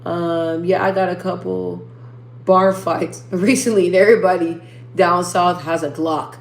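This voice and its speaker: A young woman hosting a casual livestream, reading viewer comments and rambling in slangy asides. She lifts her speaking voice above her natural lower register. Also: fairly even intonation, a little slow, vocal fry, roomy sound. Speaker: livestream host.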